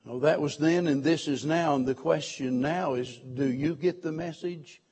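A man preaching a sermon as pastor, slow and deliberate, drawing out words for emphasis. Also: a little high, darkish tone, breathy edge.

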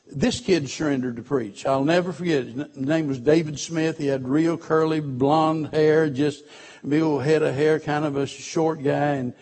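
Husky, fairly high-voiced male preacher. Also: steady tone, normal speed. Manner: emphatic preaching with personal storytelling; swings between loud emphasis and quiet, hushed storytelling. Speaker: pastor. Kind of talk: sermon.

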